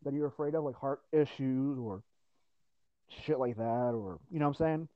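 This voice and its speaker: The young man from New Jersey has a mid-range voice and speaks at a normal speed without echo. Chatting casually on a podcast, he curses heavily and laughs while ranting, and the recording sounds dull, dry, and lo-fi.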